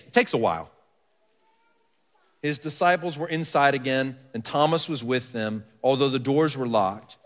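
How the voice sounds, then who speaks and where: A man preaching a sermon as pastor, reading scripture softly and building to earnest emphasis. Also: medium pitch. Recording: long hall reverb.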